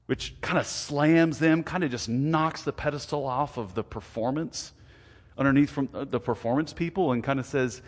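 A middle-aged male pastor preaching a conversational, self-deprecating sermon with animated emphasis. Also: mid-range voice, normal speed, in a large hall. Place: church sanctuary.

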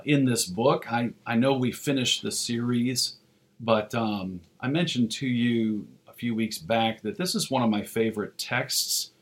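A man preaching a sermon as pastor, earnest, with "uh" fillers, slowing down for emphasis. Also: mid-range voice.

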